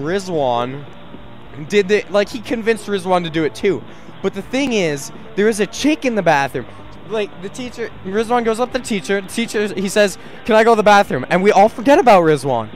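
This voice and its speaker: A man's voice: high-pitched, lively intonation, normal speed, faint music behind, poor audio. A young man from Canada telling crude school stories in a rambling, casual way, laughing at himself. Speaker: livestreamer. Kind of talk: casual storytelling chat.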